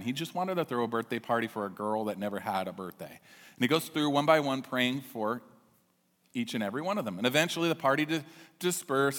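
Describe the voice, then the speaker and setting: A male pastor telling a story in a sermon, with an animated, chatty manner. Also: medium pitch, big-room sound.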